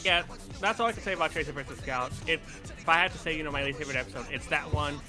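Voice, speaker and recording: A man's voice: fairly high pitch, very fast, music in the background. A man co-hosting a casual podcast chat, speaking frankly and easily. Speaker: podcast co-host.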